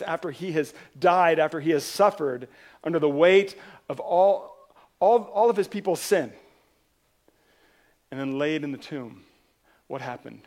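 A man preaching a sermon as pastor, telling a story in an animated way and driving points home with emphatic repetition. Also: a little high.

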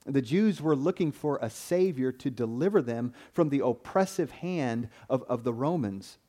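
A man's voice: mid-range voice, expressive, moderate pace, dark tone. A man preaching a sermon in an earnest way, often repeating a word as he starts a phrase.

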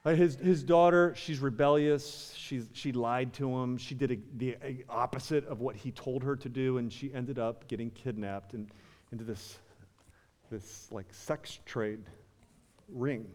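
A man's voice: medium pitch, steady tone, measured pace, darkish tone. A man preaching a sermon to his church, building to fervent peaks and calling out to the congregation. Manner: rising to fervent climaxes, addresses the church directly. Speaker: pastor. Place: church sanctuary. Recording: long hall reverb.

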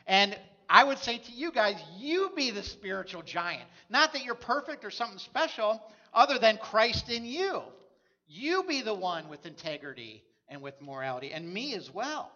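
A man's voice: high voice, big pitch swings, moderate pace, sharp tone, highs cut off. A man preaching a sermon as a pastor, telling stories in a conversational way.

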